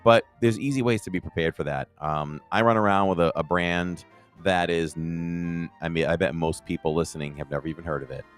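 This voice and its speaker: A man with a low voice co-hosts a casual podcast, chatting in a rambling, animated way. Soft music plays faintly underneath. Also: fairly quick. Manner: animated, rambling, rises in pitch when excited. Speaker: podcast co-host.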